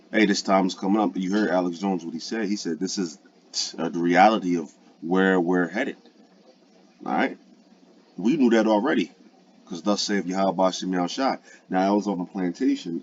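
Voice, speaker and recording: Low-voiced casual street preacher. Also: male voice, darkish tone, husky, dull audio. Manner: loose, profane, conversational with fillers. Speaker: online preacher.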